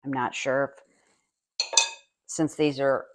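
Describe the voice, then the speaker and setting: A woman vlogger bakes and tastes in her home kitchen, chatting in a homey, casual way and sometimes talking with her mouth full during this cooking demonstration. Her very deep voice is slow and flat in delivery. Heavy background noise runs under the recording.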